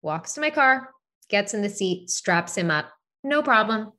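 A woman's voice: mid-range voice, expressive, a little slow, bright, forceful tone. A woman in her thirties telling a personal story in casual podcast chat, candid, swearing freely and leaning on "like" fillers. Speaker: podcast co-host.

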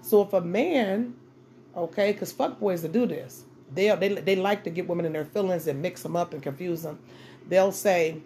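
A woman's voice: fairly low pitch, moderate pace, warm tone, a little hiss or hum. A middle-aged woman hosting a podcast, giving dating advice in a blunt, profane, casual monologue and repeating phrases for emphasis. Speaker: podcast host.

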